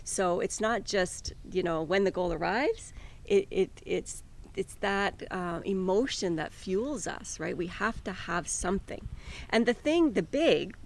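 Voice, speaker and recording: Gravelly-voiced woman coach, earnest. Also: medium pitch, lively intonation, a little slow, a little hiss or hum. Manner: earnest, encouraging explaining. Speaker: life coach and co-host. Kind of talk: casual conversational podcast.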